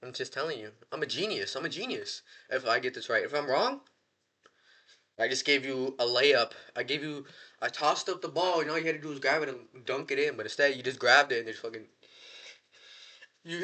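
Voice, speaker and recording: Excitable man ranting on a vlog. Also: medium pitch, brisk. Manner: excitable, slangy, rambling with restarts. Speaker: wrestling fan vlogger. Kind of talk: casual prediction rant.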